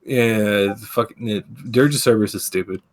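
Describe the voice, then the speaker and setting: A man's voice: lowish voice, normal speed. A man hosting a casual gaming podcast, ranting with plenty of swearing and filler words. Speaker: podcast host. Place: streaming setup.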